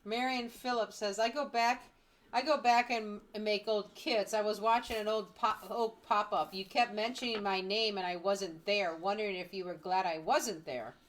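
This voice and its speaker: A woman's voice: mid-range voice, fairly even intonation, moderate pace. A woman co-hosting a live craft stream, reading viewer comments aloud, teasing and laughing often. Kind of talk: casual live-stream chat.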